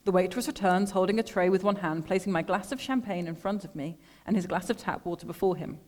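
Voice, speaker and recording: A woman reads her own prose at a microphone in a lecture room. Her delivery is measured, dry and deadpan, and she sounds calm and composed throughout. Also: lowish voice. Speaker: artist reading her own text. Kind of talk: literary reading to an audience. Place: lecture room at an art school.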